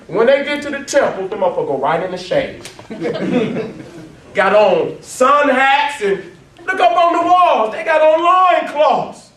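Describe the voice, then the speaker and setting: Profane storytelling man in a roomy hall. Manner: laughs often, swears heavily, swings from loud to low and quiet. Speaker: speaker presenting his life story with photos. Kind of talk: profane, animated storytelling talk to a live audience. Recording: roomy, distant mic, faint background noise.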